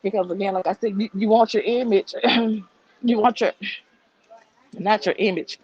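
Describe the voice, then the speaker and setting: Middle-aged woman, chatty livestream host, walking and a little winded, mid pitch. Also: fairly even intonation, moderate pace, breathy edge, muffled recording. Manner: chatty, reads viewer comments aloud. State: out of breath while walking. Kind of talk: casual livestream commentary. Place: walking through a crowded shop.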